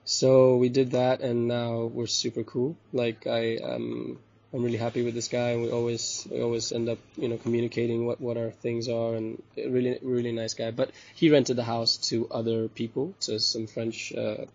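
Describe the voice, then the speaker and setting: A relaxed man from Bali, a hostel owner, chats loosely as a guest in a casual interview, chuckling between thoughts and wandering through sentences full of fillers. His voice is gravelly, a little husky, medium-pitched and at normal speed. The recording sounds dull and lo-fi.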